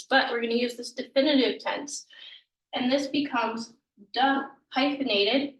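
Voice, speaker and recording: A woman teaching a language lesson, explaining grammar patiently and sounding out words slowly, sometimes correcting herself. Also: a little high, fairly even intonation, fairly bright tone, distant mic. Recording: echoey room, voice a bit off mic.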